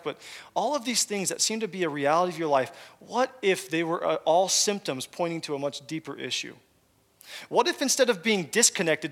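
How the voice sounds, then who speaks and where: A young man preaching a sermon, earnest and emphatic, dropping low and soft on key phrases. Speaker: pastor.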